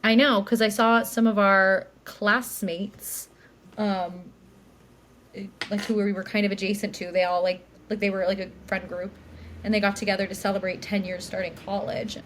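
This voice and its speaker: A woman's voice: mid-range voice, level tone, moderate pace, fairly bright tone, a little hiss or hum. A woman in her late twenties, co-hosting a podcast and telling a story in a rambling, chatty way full of likes and ums. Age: late 20s. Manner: chatty, self-described yapper, lots of likes and ums. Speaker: podcast co-host. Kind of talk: casual chat, storytelling.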